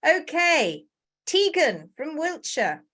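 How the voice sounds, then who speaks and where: Woman, webinar host, bubbly and talkative, on a video call, slightly high voice. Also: very animated, slow, fairly bright tone. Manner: chatty, bubbly, reads out greetings. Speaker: webinar host, horse care instructor. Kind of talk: casual live webinar welcome.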